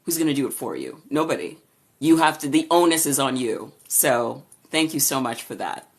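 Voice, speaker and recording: A woman voice-over artist with a low voice, casually chatting on a live stream and greeting viewers by name as she answers their questions. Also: lively intonation, normal speed. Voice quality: low-registering voice. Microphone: camera or phone for a live stream.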